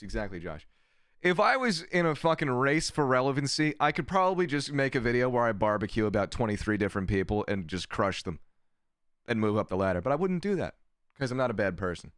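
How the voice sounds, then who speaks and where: In this clean, dry studio recording, a man streams casually, reading chat aloud while dishing out sarcastic, frequently profane remarks. His mid-range voice is sing-song and fairly bright, and he talks a little fast.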